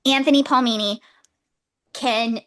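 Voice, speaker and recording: A woman's voice: a little high, steady tone, a little slow, pushed and bright. Bubbly gushing young woman podcaster. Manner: bubbly, gushing, laughs often. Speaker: podcast co-host. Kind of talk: casual book chat.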